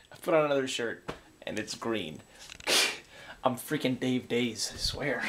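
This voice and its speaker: Indoors at home, a young vlogger films a casual daily vlog on a handheld camera, rambling and poking fun at himself. He speaks at a measured pace in a mid-range voice with a sharp tone.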